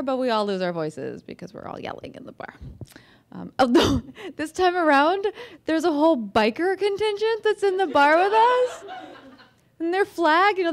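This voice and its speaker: American woman author, slightly high voice, chatty and self-deprecating, talking to a live audience. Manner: chatty, self-deprecating, many fillers and restarts. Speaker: author giving a talk. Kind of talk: casual talk to an audience. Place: museum event room.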